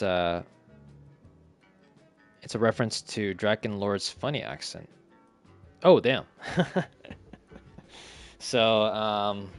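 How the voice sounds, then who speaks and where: A man streaming a relaxed home-renovation game, commenting casually, reading chat aloud and chuckling often. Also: fairly low pitch. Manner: laid-back, chuckles often, talks to chat. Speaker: gaming streamer. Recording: faint game music behind.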